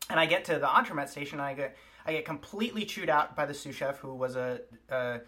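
Casting: bright-toned man from the United States, earnest chef guest, casual chat with many "like"s. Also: a little high, fast talker. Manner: earnest, filler-heavy with many "like"s.

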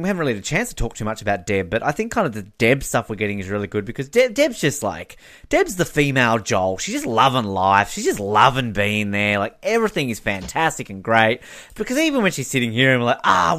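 A man's voice: medium pitch, fairly bright tone. An Australian man co-hosting a podcast, chatting casually and recapping a reality show, laughing often and acting out quotes. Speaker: podcast co-host.

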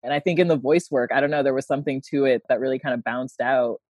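An interviewer asking relaxed questions and agreeing often. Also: mid-range voice, fast talker, no room sound. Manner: relaxed, agreeable, lots of "yeah". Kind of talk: casual interview.

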